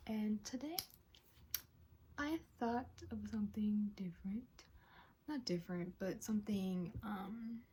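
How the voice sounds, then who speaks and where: Chatty young woman, late teens, mid-pitched, slangy casual vlog host. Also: dark tone, a little hiss or hum. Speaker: reaction channel host. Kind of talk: casual reaction vlog chat.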